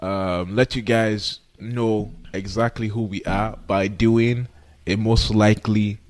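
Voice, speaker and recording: A man's voice: fairly low pitch, fairly even intonation, slow. A young man co-hosting a podcast, talking in an easygoing, chatty way. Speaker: podcast co-host. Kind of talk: casual chat.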